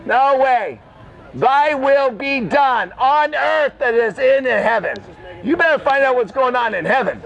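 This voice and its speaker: An older man preaching in the open air, fervent and scolding, often shouting at his listeners. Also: extremely high pitch, low-quality recording. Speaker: street preacher. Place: city street outdoors.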